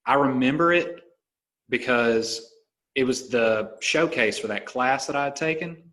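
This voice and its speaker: A man's voice: medium pitch, a little slow. Southern-accented male comedian, casual. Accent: Southern American. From American South. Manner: relaxed storytelling, many fillers like "like" and "you know". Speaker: podcast host, stand-up comedian. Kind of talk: casual conversation.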